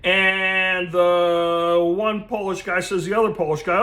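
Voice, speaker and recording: A man telling a joke in a casual, animated way, acting out the characters. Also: high-pitched, unhurried, hardly any pauses. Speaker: comedian teaching joke telling.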